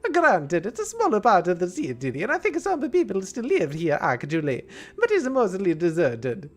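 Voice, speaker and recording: A man's voice: sits high, huge pitch swings, normal speed. A man doing a hammy Italian uncle. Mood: cheerful. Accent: put-on Italian. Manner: exaggerated, sing-song, bubbly. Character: cheery Italian uncle, middle-aged male film director. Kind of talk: reading a game note aloud in character.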